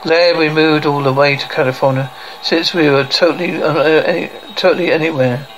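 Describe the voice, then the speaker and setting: A man's voice: fairly high pitch, fairly even intonation, moderate pace, fairly bright tone, a little hiss or hum, natural voice, poor audio. A man voicing a sullen, defiant teenage girl who talks in a scornful, accusing way. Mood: resentful.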